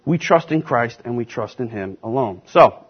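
A man preaching and teaching a Bible class, emphatic and deliberate, stressing key words with slow repetition. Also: mid-range voice, animated, slightly rough. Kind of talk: sermon-style Bible teaching. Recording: dull lo-fi recording.

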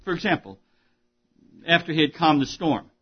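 A man preaching a sermon as pastor, earnest, dropping to a hush and then rising to stress a point. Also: a little high, very animated, moderate pace, husky, highs cut off. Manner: earnest, swings between hushed and emphatic.

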